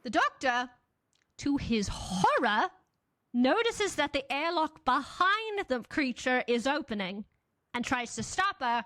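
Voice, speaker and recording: A woman hosting an episode recap podcast, telling the story with lively, animated swings and frequent laughter. Her voice is high and unhurried. The sound is dry and close, with faint music behind. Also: no room sound. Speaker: podcast host.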